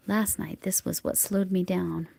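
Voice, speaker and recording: Gravelly-voiced woman chatting while crocheting. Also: on the low side. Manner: chatty, murmurs soft whispered asides to herself. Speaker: crochet livestream host. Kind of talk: casual live chat while crocheting.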